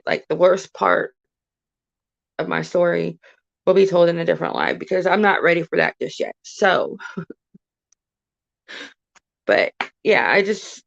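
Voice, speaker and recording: A woman in her thirties telling stories from her childhood on a casual livestream, talking in halting bursts with many restarts and repeated phrases. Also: on the low side, vocal fry, dull audio. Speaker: live streamer.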